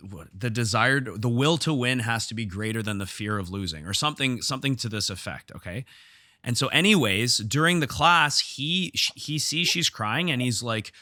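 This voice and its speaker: Bright-voiced man telling a gym story. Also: mid-range voice, no room sound, studio quality. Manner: storytelling, repeats and restarts when heated. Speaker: podcast host and gym owner. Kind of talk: casual podcast conversation.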